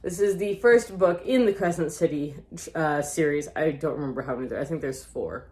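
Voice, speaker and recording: A woman's voice: low-pitched, a little fast, darkish tone. A woman vlogger chatting casually about books she loves, gushing and talkative and often calling her viewers guys. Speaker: book vlogger. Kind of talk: casual book recommendation chat.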